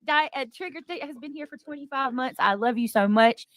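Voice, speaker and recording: A woman's voice: sits high, a little fast, fairly bright tone, no echo. Chatty woman live-streaming. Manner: chatty, effusive, greets viewers from chat. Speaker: livestream commentary host. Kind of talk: casual livestream chat.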